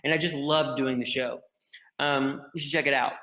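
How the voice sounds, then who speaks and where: A man's voice: mid-range voice, fairly even intonation, normal speed, bright, forceful tone. A man with a Southern US accent answering fan questions on a virtual panel, candid and joking, rambling with many restarts. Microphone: computer mic on a video call. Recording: roomy, echoey room sound.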